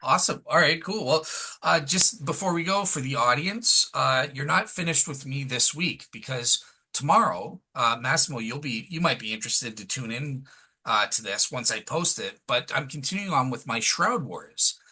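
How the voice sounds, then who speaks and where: A man hosting a casual podcast chat, relaxed and informal. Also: medium pitch, moderate pace, husky, rough recording. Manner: relaxed, casual fillers like "all right, cool". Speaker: host.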